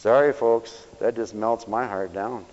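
A male preacher giving a sermon for radio, animated and swinging from loud exclamations to hushed tones. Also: lowish voice, a little slow. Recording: dull, echoey church recording.

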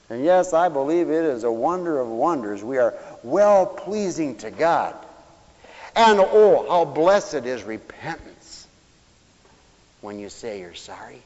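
A male preacher giving a sermon for radio, animated and swinging from loud exclamations to hushed tones. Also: on the high side, takes it slowly. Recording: dull, echoey church recording.

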